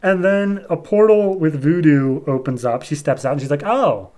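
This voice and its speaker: A man hosting a comic book podcast, recapping an issue in a relaxed, chatty way and briefly acting out characters' lines. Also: a little high, fairly quick.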